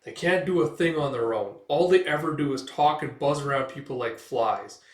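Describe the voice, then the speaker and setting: A man voicing a gruff, cold male swordsman who talks flatly and bluntly. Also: a little high, normal speed, natural voice. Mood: contemptuous. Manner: flat, blunt. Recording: echoey room, distant mic.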